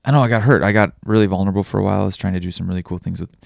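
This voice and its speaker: A young adult man talking candidly in a personal vlog, halting and confessional, swearing often. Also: low-pitched, steady tone, gravelly, dry recording, clean studio sound. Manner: raw, halting, confessional, with frequent swearing and restarts. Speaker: vlogger and podcaster.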